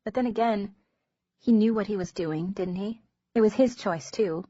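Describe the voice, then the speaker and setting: A woman narrates an audiobook in a measured, gentle storytelling manner. Her voice sits at a middle pitch. The recording is dry and close, with a slightly dull, lo-fi tone. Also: no echo.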